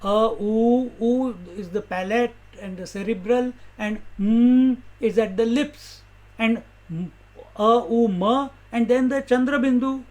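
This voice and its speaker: A man giving a slow, unhurried talk on scripture, asking rhetorical questions and chanting syllables. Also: extremely high pitch, darkish tone. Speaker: spiritual teacher. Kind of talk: scripture discourse.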